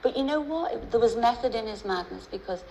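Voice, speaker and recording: A woman's voice: on the high side, animated, a little fast, vocal fry, dark tone, a little hiss or hum, rough recording. A middle-aged woman with a Liverpool accent, a chat-show guest who talks in a chatty, storytelling way with many restarts and asides.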